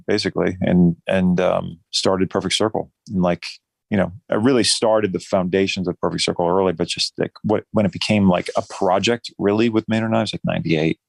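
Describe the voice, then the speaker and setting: A man's voice: low voice, vocal fry, dry recording. A middle-aged man from New Jersey, a musician guest telling rambling, self-deprecating stories in a casual interview.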